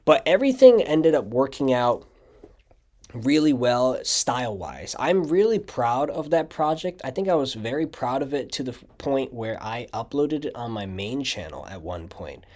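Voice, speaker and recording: A man's voice: mid-range voice, sing-song, moderate pace, darkish tone. A young man talking through his own video projects in casual audio commentary, rambling with lots of fillers and restarts. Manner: rambling, filler-heavy storytelling with frequent "like" and restarts. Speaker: channel creator giving audio commentary.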